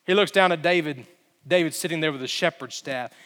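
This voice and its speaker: A man preaches a sermon, retelling the story dramatically and pushing to emphatic climaxes. His voice sits high for a man. A long reverb fills the church sanctuary around him. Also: brisk, a bit bright. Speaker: pastor.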